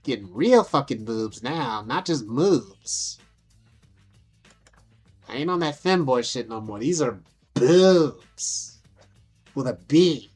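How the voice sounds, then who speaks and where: A woman's voice: extremely low pitch, expressive, slow, pauses often, darkish tone, breathy edge, soft background music. A young adult woman vlogging casually, brash and profane, amused at herself as she talks through photos. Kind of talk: casual vlog talk over photos.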